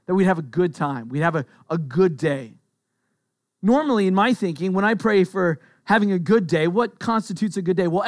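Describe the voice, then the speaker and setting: Middle-aged pastor preaching, higher voice. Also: male voice, no room sound, clean studio sound. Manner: conversational preaching, repeats key phrases. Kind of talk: sermon.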